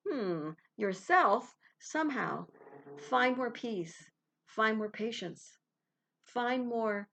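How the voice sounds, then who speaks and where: A woman's voice: medium pitch, gravelly. Woman giving a chatty self-help talk. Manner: animated, laughs often, acts out little quoted exchanges. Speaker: podcast host.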